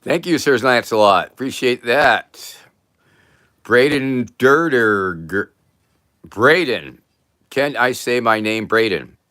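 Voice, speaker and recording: A man chats through a casual livestream, greeting viewers by name and tossing off dry quips. His pitch swings widely while he keeps an unhurried pace. The sound is close and dead, with no room echo. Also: expressive, pushed and bright. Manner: reads viewer names aloud with dry jokes. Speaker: livestream host.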